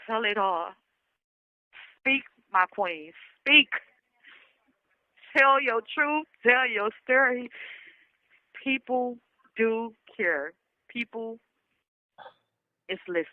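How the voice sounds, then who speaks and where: A woman's voice: fairly high pitch, lively intonation, slow, long pauses, no room sound. A woman survivor giving an impassioned, emotional spoken message to other women, rallying them with repeated calls. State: emotional, near tears. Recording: dull lo-fi recording.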